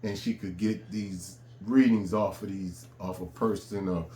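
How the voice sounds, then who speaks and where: A man casually telling a personal story in a relaxed, conversational way, with frequent fillers. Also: low voice, unhurried, a little hiss or hum. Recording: roomy echo with faint ambience.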